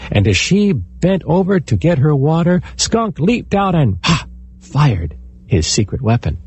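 A man telling a folktale aloud in an expressive, animated way. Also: on the high side, measured pace, slightly rough. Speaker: storyteller. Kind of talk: oral folktale storytelling.

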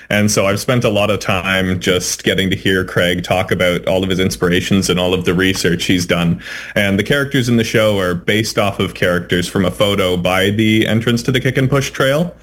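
Young man, actor guest, low-ish voice, casual, friendly. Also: fairly bright tone. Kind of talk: casual interview.

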